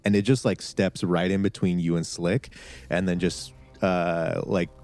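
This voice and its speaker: A man's voice: low voice, flat delivery, measured pace, darkish tone, soft background music. A man running a tabletop game as game master, rambling with many fillers and laughing often.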